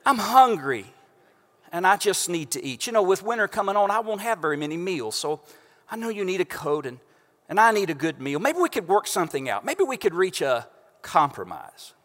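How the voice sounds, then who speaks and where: A man putting on a calm soothing bear. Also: high voice, normal speed. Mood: calm reasoning.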